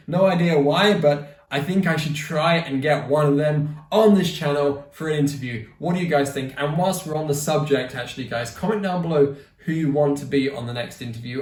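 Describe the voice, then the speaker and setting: A chatty man hosts a music vlog, talking enthusiastically in a slightly high voice. He sounds roomy and far from the mic. Faint music plays underneath. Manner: enthusiastic, chatty, playful asides. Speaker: YouTube music channel host. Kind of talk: casual opinion vlog. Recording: roomy echo, distant mic, music behind.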